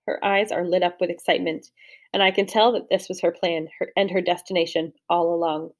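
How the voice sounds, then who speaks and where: A young adult woman narrating a first-person novel as an audiobook reader, in a steady storytelling read with the odd slip and restart. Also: fairly low pitch, fairly quick.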